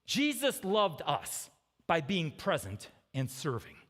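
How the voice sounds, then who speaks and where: Lively high-pitched preaching man, church reverb. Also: slow pace. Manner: conversational preaching with frequent "okay?" and "right?" asides. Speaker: pastor. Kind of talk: sermon. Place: church sanctuary.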